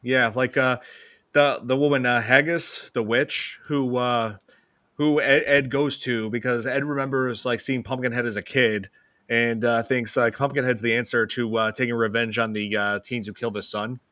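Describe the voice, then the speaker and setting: A man's voice: medium pitch, steady tone, moderate pace, pushed and bright, no room sound, studio quality. A man hosting a casual horror film podcast, rambling with many fillers. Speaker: podcast host.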